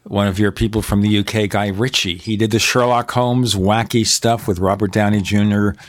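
A man's voice: fairly low pitch, fairly even intonation, normal speed, dry recording. An older American man co-hosting a casual chat, telling movie and TV trivia with enthusiasm. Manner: chatty, enthusiastic storyteller. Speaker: co-host.

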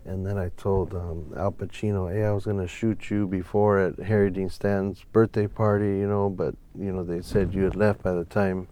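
A man's voice: sits low, moderate pace, hardly any pauses. A man, a photographer guest telling a long story in a casual, profane interview. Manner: profane, animated anecdote with quoted voices.

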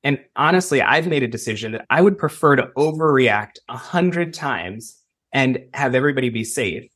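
A man talks through his expert advice in an earnest, measured way. His voice sits at an ordinary mid pitch, with a conversational interview feel. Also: lively intonation, fairly bright tone. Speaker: school safety expert guest. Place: Los Angeles.

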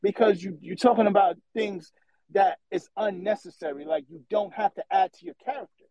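A man with a fairly high voice calls in to a show and delivers a long, heated, rambling take, circling back over his points. His voice sounds dry and close, with no room around it. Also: moderate pace, dark tone, no room sound, rough recording. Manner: passionate, rambling, repeats himself. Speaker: caller. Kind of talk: opinionated call-in rant.

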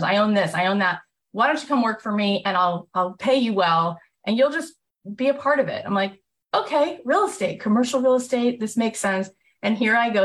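A woman in her thirties telling her own story in a lively way, often acting out the voices of people she quotes. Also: mid-range voice. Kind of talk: animated personal storytelling.

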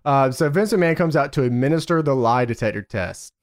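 A man co-hosting a podcast, relaxed, walking through the events step by step in casual chat. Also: mid-range voice, a little fast, slight background noise. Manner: relaxed storyteller, explains step by step. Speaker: podcast co-host. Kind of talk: casual chat recapping wrestling.

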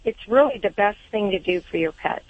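A woman's voice: medium pitch, expressive, fairly quick, breathy edge, dry recording. A woman veterinarian, a guest, speaking playfully and with jokes. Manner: playful, joking. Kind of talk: phone interview. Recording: tinny phone line.

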